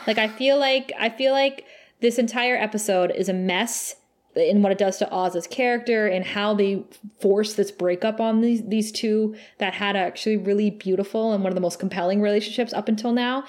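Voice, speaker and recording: A woman's voice: medium pitch, fairly even intonation, moderate pace, darkish tone. A woman co-hosting a casual podcast, recapping a TV episode in an emotional, gushing way and laughing often. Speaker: podcast co-host.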